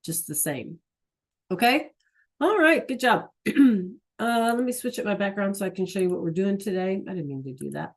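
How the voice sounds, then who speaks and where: A woman's voice: mid-range voice, animated, normal speed. Friendly middle-aged teacher, woman, online class, keeps checking in with students. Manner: chatty, encouraging, frequent "right?" checks. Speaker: Spanish teacher. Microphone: video call.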